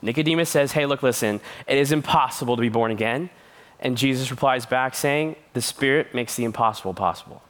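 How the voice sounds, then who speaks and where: A man's voice: mid-range voice, brisk, a bit bright. A man preaching as a youth pastor, telling stories with playful voices and laughter. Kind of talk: sermon.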